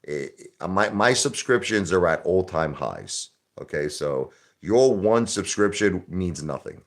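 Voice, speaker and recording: Ranting brashly and combatively on his casual live stream, a man drives his points home through repetition. He speaks in a very low, expressive voice without hurrying.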